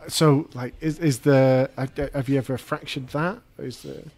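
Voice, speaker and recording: A man's voice: mid-range voice, steady tone, a little slow, darkish tone. Rambling self-deprecating man. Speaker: podcast producer. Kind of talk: casual interview chat.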